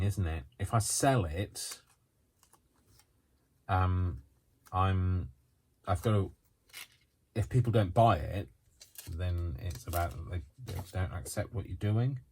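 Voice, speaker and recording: A man's voice: low voice, a little mellow, slight background noise. A man chatting casually to the camera while he crafts, rambling and hesitant with lots of ums and restarts, and yawning now and then. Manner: yawns often while talking. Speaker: craft vlogger.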